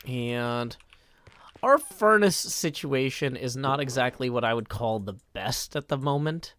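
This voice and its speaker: A man's voice: mid-range voice, lively intonation, unhurried, fairly bright tone. Man, live streamer, casual chat, reads messages aloud, dry self-deprecating humor.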